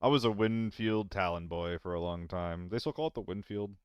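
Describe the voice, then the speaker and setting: A man giving casual commentary while streaming a game, rambling and answering chat, with hiccups and throat clearing. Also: low-pitched, brisk, no echo, dull audio.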